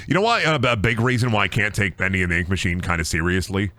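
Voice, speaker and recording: With a low voice, this streamer talks fast and barely pauses, his tone bright and forceful. He's casually chatting over gameplay, joking, swearing, and doing silly sing-song voices.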